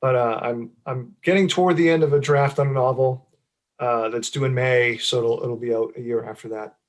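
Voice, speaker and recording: A man's voice: mid-range voice, steady tone, moderate pace. A middle-aged man, an author, talking casually in an interview, rambling with many fillers and restarts.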